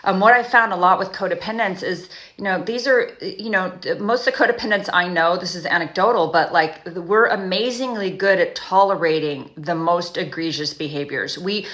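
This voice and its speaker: A woman's voice: mid-range voice, fairly bright tone. A woman coaching on trauma recovery, talking casually to her viewers, rambling and correcting herself and often checking in with "right?". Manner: rambling, self-correcting, frequent "you know" and "right?"; slow, soothing guided breathing. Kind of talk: casual advice monologue to camera.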